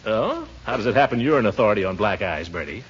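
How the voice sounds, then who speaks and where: A pompous blustering uncle. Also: male voice, on the low side, sing-song, fast, breathy edge, full character voice. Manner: blustering, chuckling, fond of sayings. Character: pompous middle-aged uncle, blustering and vain. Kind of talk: 1940s radio sitcom acting. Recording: dull old radio broadcast, faint hiss.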